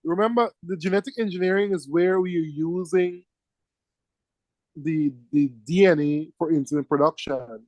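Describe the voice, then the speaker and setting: A male teacher giving a classroom lecture, lively and teasing, firing questions at his students. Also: a little high, moderate pace, dry recording, rough recording.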